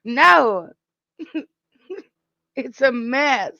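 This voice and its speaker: A woman's voice: high-pitched, animated, drawn-out words, vocal fry, pushed and bright, no room sound, muffled recording. A woman hosting a casual livestream, chatting and often laughing. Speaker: livestream host. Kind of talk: casual chat.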